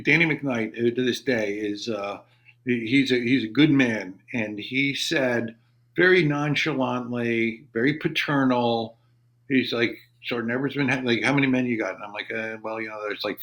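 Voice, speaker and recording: A middle-aged former Army Ranger with a medium-pitched, slightly bright voice recounts a war story in an interview. His retelling is intense and profane, rambling with many restarts.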